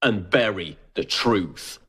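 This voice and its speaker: A man guest-hosting a talk radio show, speaking briskly and emphatically. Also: on the low side, lively intonation, over loud music. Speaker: guest host.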